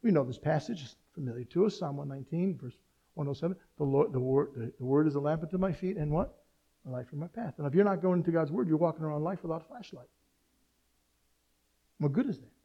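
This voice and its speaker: Middle-aged male pastor with a high voice, preaching with energy and humor. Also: fast talker, breathy edge, highs cut off. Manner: animated preaching with rhetorical questions and humor. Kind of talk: sermon.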